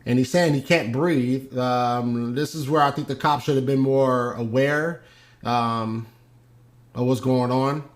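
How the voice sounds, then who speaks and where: A young man talking through a video clip in an unscripted, casual way. He hesitates often, fills pauses with "um" and restarts his sentences as he goes. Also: mid-range voice, fairly even intonation. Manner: hesitant, many ums and restarts. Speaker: host.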